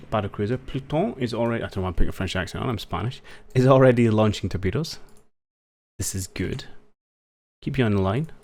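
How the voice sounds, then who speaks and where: Low-voiced man casually narrating strategy gameplay. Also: slight background noise. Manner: thinks aloud, wry and understated. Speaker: strategy game let's-player.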